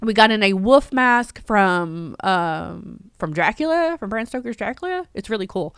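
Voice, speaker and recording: A woman running a casual live stream from her store, chatty and excitable, with lots of ums. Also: mid-range voice, a little slow, clear, resonant tone, dry recording, clean studio sound. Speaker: shop owner hosting a livestream.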